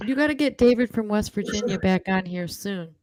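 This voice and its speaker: A woman's voice: medium pitch, lively intonation, fairly quick, a little mellow, no room sound. A woman from the northern US, a chatty, self-mocking panelist on a livestream video call. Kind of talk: casual livestream panel chat.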